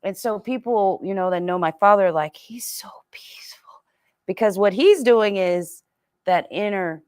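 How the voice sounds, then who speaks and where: Animated woman running a group talk, acts out her folks, pretty dry sound. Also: medium pitch, moderate pace, smooth, dry recording. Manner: animated, acts out quoted parents. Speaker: community session leader. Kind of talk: live community discussion.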